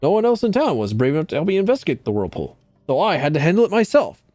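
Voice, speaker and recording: An excitable young fish-man gushes in bright, eager bursts, his voice pitched well up and swinging through a lively range, as a man puts him on while reading game dialogue aloud. He sounds friendly and a little boastful, quick to exclaim, with a soft hum of background music. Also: no room sound. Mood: storytelling.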